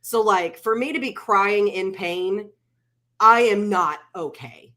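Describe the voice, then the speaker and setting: A woman's voice: mid-range voice, slow pace, pushed and bright. A middle-aged woman co-hosting a casual chat show, telling a story with animation and acting out what people said. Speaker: podcast co-host.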